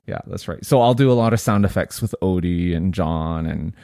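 A man with a strikingly deep voice co-hosts a casual family podcast. He sounds upbeat and easygoing, laughing often and coaxing answers from his children. The sound is close and dry. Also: normal speed, no room sound. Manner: upbeat, laughs often, gently prompts the kids. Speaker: podcast co-host and parent.

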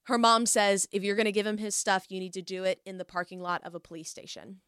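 A young woman telling a story in casual chat, animated and acting out what people said. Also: mid-range voice, fast, clean tone, no room sound, clean studio sound. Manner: animated storyteller, acts out quoted voices.

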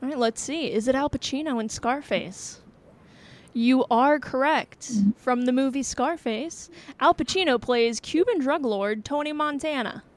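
A woman's voice: sits high, unhurried. A woman hosting a trivia quiz, reading out questions and answer choices with playful banter and frequent laughter. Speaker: trivia game host.

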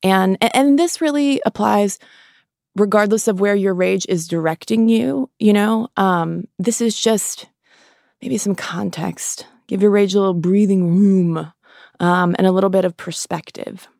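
A woman hosting a podcast, giving an impassioned and sarcastic pep talk, swearing freely and pausing often between phrases. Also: mid-range voice, creaky, a little mellow, dry recording, clean studio sound. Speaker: podcast host.

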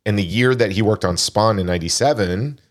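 Speaking fairly quickly in a voice on the low side, this male podcast host runs through movie crew credits, keeping it casual and chatty with plenty of fillers.

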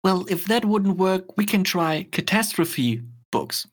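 A woman's voice: on the low side, expressive, takes it slowly. A woman playing in a tabletop role-playing game, speaking in a hesitant, amused way. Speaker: player.

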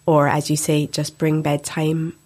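Woman podcast host, low register, chatty, laughs at herself. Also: completely flat delivery, a little slow, darkish tone. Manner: chatty, self-deprecating, laughs easily. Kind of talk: casual podcast chat.

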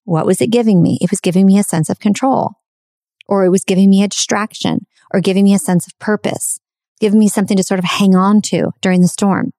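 A woman's voice: mid-range voice, steady tone, fast, dark tone, no echo, clean studio sound. A middle-aged woman hosting a podcast, giving an earnest, reflective spiritual self-help talk and repeating phrases for emphasis. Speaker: podcast host.

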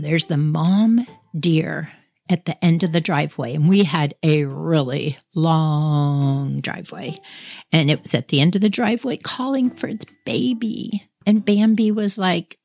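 A woman tells a childhood story in a chatty, animated, casual manner. Her voice sits on the low side and has a gravelly texture.

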